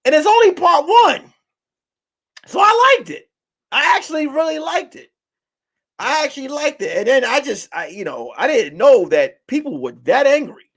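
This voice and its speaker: A man, a comedian, chatting casually to his viewers in a loose, animated way, slipping into song and mock voices. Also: very high voice, moderate pace. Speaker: comedian and vlogger. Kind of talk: casual vlog chat.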